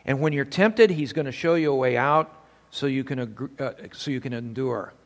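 A man's voice: medium pitch, normal speed, long reverb tail. An older man preaching a sermon to men, mixing scripture with folksy stories from his past.

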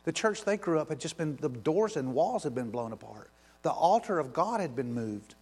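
A male pastor preaching a sermon, impassioned, rising to emphatic questions and dropping soft when he prays aloud. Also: a little high, big pitch swings, moderate pace, breathy edge.

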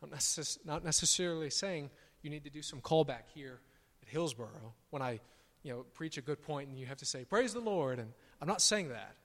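A man's voice: a little high, brisk, hardly any pauses. Man preaching in a reverberant church. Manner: emphatic preaching, rising for declarations and dropping for quiet asides. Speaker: pastor. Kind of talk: sermon. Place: church sanctuary.

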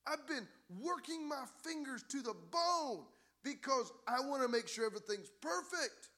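Brief: high, indignant overworked woman, put on by a man preacher, bright and loud. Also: sing-song, normal speed, exaggerated voice. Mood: exasperated. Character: frazzled busy woman, complaining loudly.

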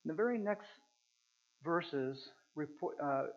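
A man preaching a sermon in a somewhat high voice, earnest and full of halting restarts. He swings between loud bursts and hushed, quiet lines. The recording sounds dull and muffled, with a mains hum underneath. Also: animated. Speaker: pastor.

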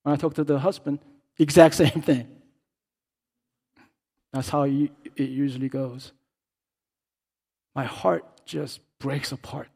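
A man preaching a sermon as pastor, swinging between hushed, quiet stretches and loud, impassioned calls. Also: medium pitch, steady tone, slow pace, gravelly, long pauses, breathy edge.

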